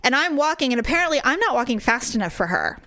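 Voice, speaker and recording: Woman podcast co-host, casual storyteller, high and very expressive voice, dry close mic. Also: quick pace, no echo. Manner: animated, indignant venting with vivid retelling.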